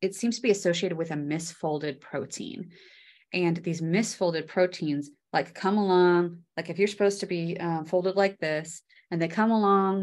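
A woman's voice: low voice, moderate pace, darkish tone. A woman giving a casual, chatty microbiology lecture, with many fillers and homely analogies.

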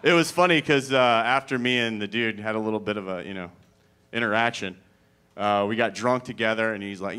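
A man's voice: fairly low pitch, fairly quick, pushed and bright, clean tone. A man doing a stand-up comedy set, talking in a rambling, conversational way that is wry and profane. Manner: rambling, conversational, filler-heavy.

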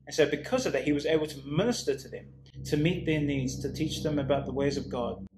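A man pastor giving a recorded sermon in a warm, conversational preaching manner that drops soft in prayer. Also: on the high side, a little fast, reverberant, noisy background.

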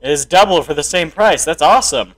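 A man giving casual, excitable commentary while playing a card game, reading its text aloud and exclaiming at the plays. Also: fairly high pitch, brisk. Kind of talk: casual let's-play commentary.

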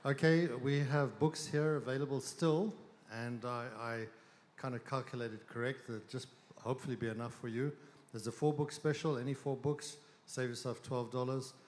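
A man speaking on stage at a conference, easygoing and joking, pausing with fillers before introducing his wife. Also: medium pitch, steady tone. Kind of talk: stage talk with joke and announcements. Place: large conference hall with audience. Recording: long hall reverb, faint crowd noise.

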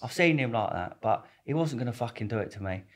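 A young man guesting on a podcast speaks fast and animatedly in a mid-range voice. It's a casual storytelling interview, and his tales ramble along in slang, with lots of swearing and restarts.

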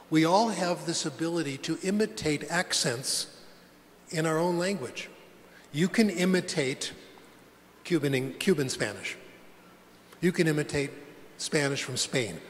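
An older man giving a conference lecture to language teachers, plain and conversational with pointed asides. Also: on the high side. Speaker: conference plenary speaker. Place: large conference hall. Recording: long hall reverb, faint background noise.

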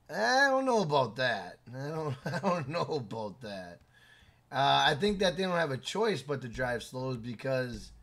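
A man live-streaming a video game, talking loudly to his chat with swearing and shout-outs. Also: medium pitch.

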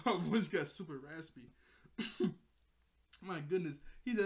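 A man's voice: fairly high pitch, takes it slowly, vocal fry. A man casually recapping an anime episode, rambling, laughing often and correcting himself mid-sentence. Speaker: anime reviewer.

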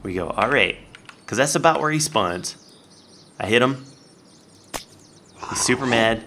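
A man giving playful, animated let's-play commentary, talking to the game and his viewers and jumping up to excited yelps. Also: measured pace, a little hiss or hum. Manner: jumps to high excited yelps. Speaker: gaming YouTuber.

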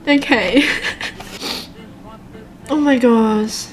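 Giggly high-voiced woman gaming host. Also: a little slow, long pauses. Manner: giggly and excitable, laughs often. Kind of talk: let's-play commentary.

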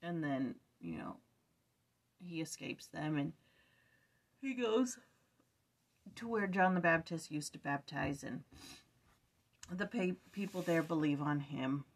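A woman's voice: deep voice, lively intonation, slow, long pauses. A young woman reading scripture aloud and reflecting in a chatty, tired way, stumbling and correcting herself. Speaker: scripture study vlogger. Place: home room.

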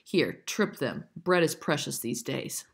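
A bent old woman who sweeps shop steps scolds troublemaking boys and gives orders in a bossy tone, as a woman reading a storybook aloud puts her on. Her voice sits fairly low, and the delivery is plain. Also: sing-song, measured pace, vocal fry, breathy edge, heavily acted. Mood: commanding. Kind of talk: read-aloud character voice.

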